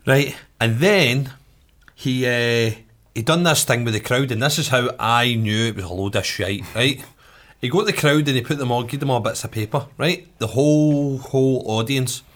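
A man's voice: medium pitch, normal speed, fairly bright tone. Scottish man, casual banter, emphatic sweary storyteller. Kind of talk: casual chat.

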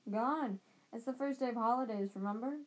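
A woman's voice: fairly high pitch, fairly quick, close to an everyday voice. A woman voicing a blunt teenage schoolboy who speaks sharply and tensely.

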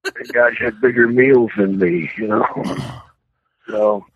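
A gravelly, husky older man is heard over a tinny phone line, spinning rambling anecdotes. His pitch swings widely as he acts out the voices in his stories, and the sound is dry and close. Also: sing-song, takes it slowly, dry recording. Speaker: guest, former pro wrestler. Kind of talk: casual storytelling by phone.

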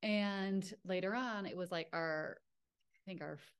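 Speaking smoothly at a measured pace, this podcast host has a lowish voice and is a young adult woman. She tells a personal tale casually, packing in fillers and bringing it to life with acted-out quotes.

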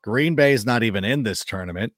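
Animated man telling sports stories in a studio. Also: on the low side, brisk, no room sound. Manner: animated storyteller, acts out quoted remarks, swears freely. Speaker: guest football analyst. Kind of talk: casual sports chat.

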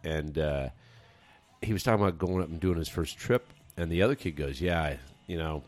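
A man's voice: low voice, brisk, darkish tone. A man rambling in casual podcast chat, swearing freely and restarting his sentences.

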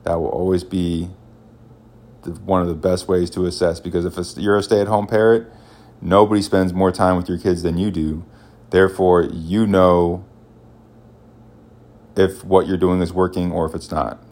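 A man's voice: low-pitched, level tone, moderate pace, long pauses, a little mellow. A man in his thirties, a stay-at-home dad, talking casually and rambling with many restarts as he thinks aloud. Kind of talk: casual parenting vlog.

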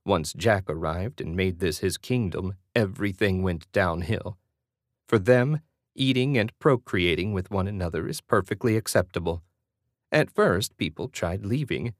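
A man narrating a horror novel aloud in a steady storytelling manner. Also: low voice, measured pace, dry recording, clean studio sound. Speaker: audiobook narrator. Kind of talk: scripted narration.

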